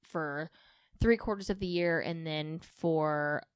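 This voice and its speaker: A woman's voice: low voice, slow, clear, resonant tone, no echo, clean studio sound. A woman, co-hosting a podcast in casual chat, rambling with lots of likes and ums. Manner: chatty, filler-heavy, with frequent likes and ums. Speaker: podcast co-host.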